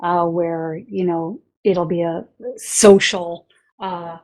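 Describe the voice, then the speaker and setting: A woman hosting a livestream about channeled spiritual messages, earnest and halting, with many fillers. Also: lowish voice, flat delivery, a little mellow, low-quality recording.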